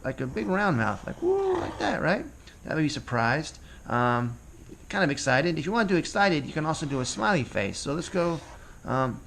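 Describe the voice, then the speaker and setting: A man's voice: a little high, gravelly, a little hiss or hum. A man teaching children to draw cartoon faces, talking casually and ad-libbing as he sketches along. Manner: relaxed, ad-libbing as he draws. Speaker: drawing teacher. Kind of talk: casual drawing tutorial.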